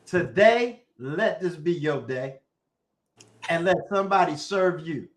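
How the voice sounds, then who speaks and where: A man giving a preacher-style blessing on a livestream, repeating phrases and building to shouts. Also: a little high, expressive, slow pace. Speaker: guest giving a prayer on a livestream.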